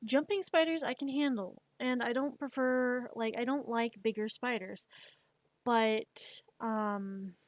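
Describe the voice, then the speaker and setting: A woman's voice: a little high, steady tone, takes it slowly. A woman streamer and artist chatting casually on a live stream, playfully scolding her cat between topics.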